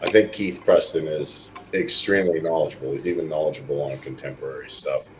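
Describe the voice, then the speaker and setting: Very deep-voiced man chatting. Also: fairly even intonation, a little fast, noisy background. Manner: rambling, listing examples. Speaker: podcast co-host. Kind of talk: casual discussion.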